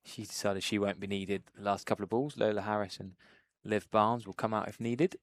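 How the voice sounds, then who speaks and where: A man giving live cricket commentary, lively, excitable on big shots and quick to laugh. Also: on the low side, no echo.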